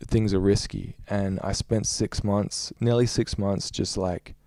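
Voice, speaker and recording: Man, young adult, low mellow voice, dry close sound, rambling casual storytelling. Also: fairly even intonation, measured pace, gravelly, no room sound. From Australia. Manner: rambling, heavy use of "like". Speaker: musician guest.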